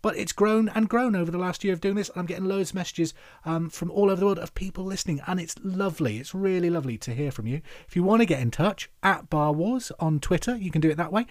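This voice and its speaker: A man from England hosting a trivia podcast, chatty and upbeat, reading out each question slowly and then again. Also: sits high, dry recording, studio quality. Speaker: quiz host.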